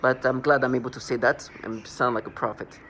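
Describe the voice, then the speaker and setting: A man's voice: mid-range voice, fairly even intonation, brisk, sharp tone, slight background noise. A man rambling through a scornful personal monologue, restarting and repeating words as he goes. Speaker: vlogger.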